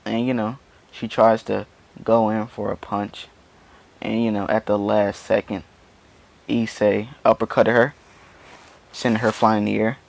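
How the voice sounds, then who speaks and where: A man's voice: lowish voice, level tone, unhurried, vocal fry, pauses often. A man casually retelling a fan story, rambling and padding it with constant fillers. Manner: rambling, full of "you know" fillers.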